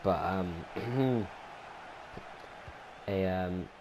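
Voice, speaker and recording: Commentating on his own football game footage, a young man speaks in a low voice, drawing out his words. His chatty, rambling delivery is full of ums and restarts, and the recording carries noticeable background noise.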